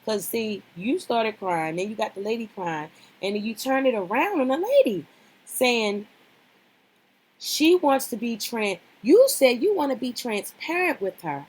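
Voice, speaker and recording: A woman's voice: on the high side, big pitch swings, measured pace, husky. Blunt, outspoken woman vlogger. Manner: blunt, opinionated, swears freely; addresses people directly, repeats herself for emphasis. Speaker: reality show recap vlogger. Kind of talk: casual commentary.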